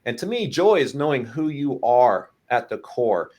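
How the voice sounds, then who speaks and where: A man's voice: mid-range voice, very animated, moderate pace, darkish tone. A man speaking earnestly as a podcast guest, stumbling over his starts. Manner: earnest, repeats himself when starting. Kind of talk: casual chat.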